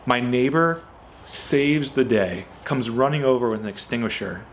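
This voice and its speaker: This car owner speaks at a medium pitch and moderate pace against slight background noise. He tells the tale of his car conversationally, leaning on "like" and "you know," and brings it to life by acting out what everyone said.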